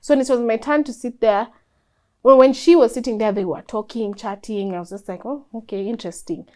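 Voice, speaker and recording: A young woman, a guest in an interview, telling a personal story in a lively way and acting out what people said. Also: fairly high pitch, brisk. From Kenya. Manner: animated storyteller, acts out quoted dialogue.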